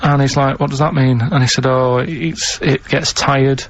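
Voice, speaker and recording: Deadpan man rambling. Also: medium pitch, normal speed. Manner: deadpan, meandering. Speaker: radio co-host. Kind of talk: rambling storytelling. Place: radio studio. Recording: dull lo-fi radio recording.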